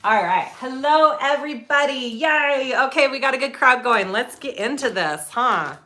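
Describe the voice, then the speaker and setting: A woman's voice: a little high, expressive, moderate pace, sharp tone. A woman hosting a live sewing tutorial, chatting casually and greeting viewers as she works. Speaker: sewing livestream host.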